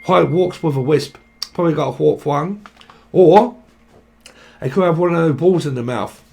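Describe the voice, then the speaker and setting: A man's voice: on the high side, moderate pace, gravelly, a little mellow. A man giving a rambling, casual tarot reading, swearing and jumping between word associations. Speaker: tarot reader.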